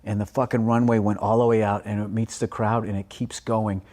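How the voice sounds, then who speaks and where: A middle-aged man, a stand-up comedian, telling profane, animated stories in a casual podcast chat. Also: fairly low pitch, fairly quick.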